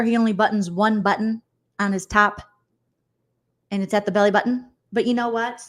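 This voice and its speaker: A young woman comedian doing a sarcastic, animated recap vlog, acting out people in mocking voices. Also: medium pitch.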